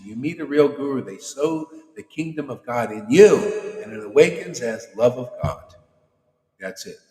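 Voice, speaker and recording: Animated slangy man preaching. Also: medium pitch. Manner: animated, slangy, teasing, laughs often. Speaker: spiritual teacher hosting a chanting session. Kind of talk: casual preaching talk on a livestream.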